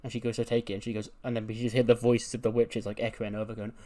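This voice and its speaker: A man's voice: mid-range voice, level tone, fast, few pauses, warm tone. A man hosting a casual let's play, narrating a wrestling booking game in a rambling, chatty way with self-corrections.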